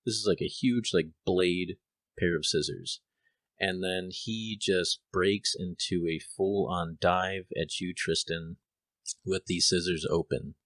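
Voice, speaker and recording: A man's voice: low-pitched, steady tone, slow pace, fairly bright tone, no room sound. A young man narrating a tabletop role-playing game as game master, casual and rambling with many fillers.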